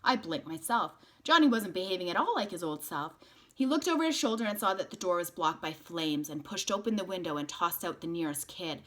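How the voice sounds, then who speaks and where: A woman reading a novel aloud to a group of students, with quiet, steady narration. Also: fairly low pitch, brisk.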